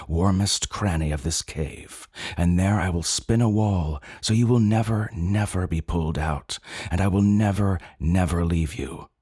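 A man giving intense, brooding narration of a story, slow and deliberate. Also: sits low, a little mellow, husky, dry recording, clean studio sound. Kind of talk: dramatic audiobook narration.

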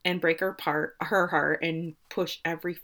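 A middle-aged woman in casual chat, recapping a TV episode with lively, swearing retellings. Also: low-pitched, moderate pace. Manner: animated retelling with swearing and laughs. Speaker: podcast co-host recapping a TV episode.

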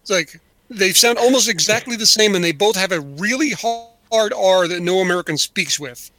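A man's voice: high voice, moderate pace, sharp tone, no echo. A man co-hosting a podcast, chatting casually and acting out quotes in mock voices. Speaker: podcast co-host. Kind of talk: casual chat.

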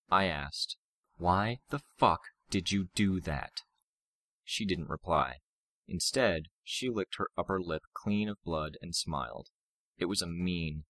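A man narrating an audiobook in a steady, measured reading style. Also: low-pitched, no echo. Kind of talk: scripted narration.

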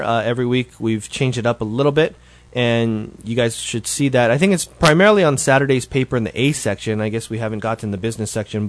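A man hosts his show in a casual solo update, talking in a loose, rambling way and often correcting himself mid-sentence. His voice sits at an ordinary middle pitch. The recording is dry and close, with no room echo. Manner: rambling, conversational, with frequent self-corrections. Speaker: show host.

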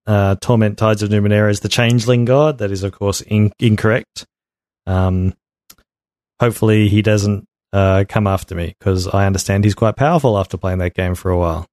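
A man's voice: fairly low pitch, a little mellow, clear, resonant tone, dry recording, clean studio sound. A man co-hosting a casual gaming podcast in a laid-back way, often giving short agreeing replies. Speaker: podcast co-host. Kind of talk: casual chat.

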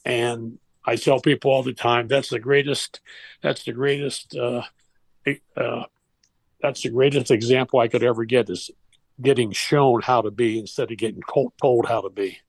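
A man's voice: medium pitch, fairly even intonation, moderate pace, no echo. An older man and former baseball coach, telling a personal story in a heartfelt, rambling way with restarts.

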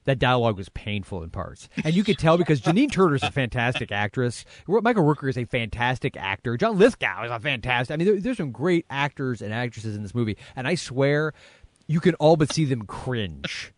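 A man's voice: mid-range voice, sing-song, fairly quick, no room sound. A man co-hosting a podcast, chatting casually about a film in an emphatic, rambling way. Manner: emphatic, rambling, restarts often. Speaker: podcast co-host. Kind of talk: casual movie review chat.

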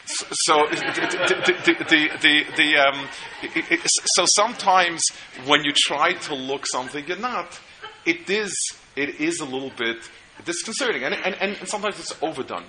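Man lecturing at a seminar, very bright and sharp tone, earnest, storytelling, stops and restarts, light hiss behind. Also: fairly high pitch, normal speed, poor audio. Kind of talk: lecture on parenting.

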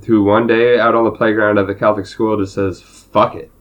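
Male podcast co-host from Canada, low voice, slightly hoarse, loose rambling delivery. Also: level tone, fast talker, muffled recording. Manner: rambling, restarts, swears casually. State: losing his voice. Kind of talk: casual chat.

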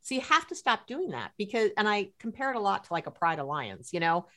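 A woman's voice: medium pitch, quick pace. A middle-aged woman from New York City, a couples therapist telling stories in a podcast conversation and acting out what people said. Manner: animated storyteller who acts out quotes.

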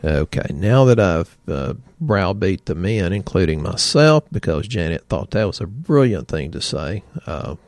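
Low-pitched with big pitch swings, this man speaks a little slowly with few pauses, his darkish tone recorded dry at studio quality. He hosts a health podcast as a practitioner, spinning folksy stories and addressing his audience directly.

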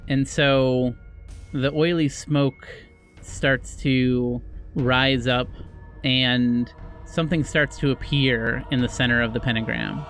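A man's voice: mid-range voice, steady tone, fairly bright tone, soft background music. Male game master narrating horror. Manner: descriptive, drawn-out narration. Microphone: podcast microphone.

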